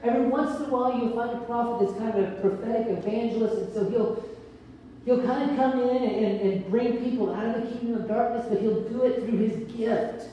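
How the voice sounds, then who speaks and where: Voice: medium pitch, a little fast, dark tone, lo-fi sound, a little hiss or hum. A preacher giving an informal sermon who tells stories and acts out the characters in them. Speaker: preacher teaching on spiritual gifts. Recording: echoey hall, distant mic.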